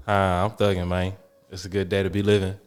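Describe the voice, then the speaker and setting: A man's voice: low-pitched, flat delivery, fairly quick, clean tone. Laid-back jokey man on a podcast. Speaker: podcast co-host. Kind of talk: casual podcast chat.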